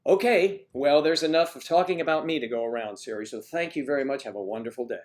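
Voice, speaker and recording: A man's voice: fairly high pitch, fast talker. Chatty man rambling on a livestream. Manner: chatty, joking, drifting between topics. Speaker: livestream host. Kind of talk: casual rambling chat. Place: at home.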